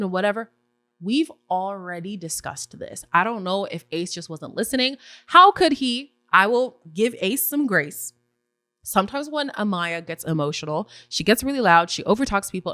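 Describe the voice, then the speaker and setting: A woman hosting a casual recap podcast, opinionated and animated, often acting out what others said. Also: medium pitch, dry recording. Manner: opinionated, animated, acts out quotes in voices. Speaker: podcast host recapping a reality show.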